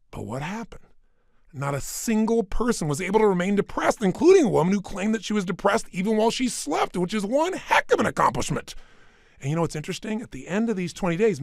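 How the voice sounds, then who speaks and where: Animated middle-aged man giving a pep talk. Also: sits high, quick pace, vocal fry, dry recording, clean studio sound. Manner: energetic, emphatic, swings between hushed and loud. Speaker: motivational speaker. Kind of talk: motivational talk recorded for audio program. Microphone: studio microphone.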